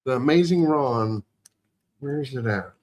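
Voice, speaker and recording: A man's voice: mid-range voice, a little mellow. A man in casual chat who reminisces fondly and often restarts his sentences. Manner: halting, fond reminiscing with many restarts.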